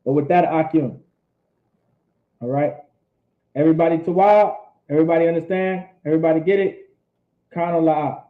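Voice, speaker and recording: A man teaching a language lesson, repeating phrases slowly and explaining them. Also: on the high side. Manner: slow, repetitive drilling of phrases. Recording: tinny phone-like audio.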